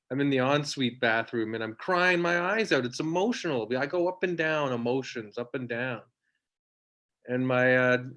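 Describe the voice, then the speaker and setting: A man in his thirties tells stand-up stories over a video call from home. His voice sits at a middling pitch. He rambles and trips over himself in a self-deprecating way. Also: a bit bright. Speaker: stand-up comedian. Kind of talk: stand-up set on a livestream.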